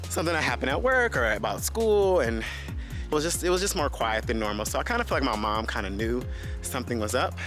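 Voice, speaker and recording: A man's voice: mid-range voice, a bit bright. A young man vlogging, telling a personal story in a casual way and speaking straight to his viewers. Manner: talks straight to viewers, calls them guys.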